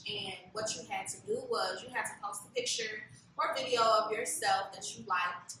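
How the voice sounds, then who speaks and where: A woman's voice: mid-range voice, normal speed, pushed and bright, very echoey, recorded from a distance, slight background noise, rough recording. A woman in her late twenties, a guest in an interview, talking in a chatty, reflective way with lots of fillers. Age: late 20s. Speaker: interview guest, self-love blogger. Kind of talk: casual interview conversation.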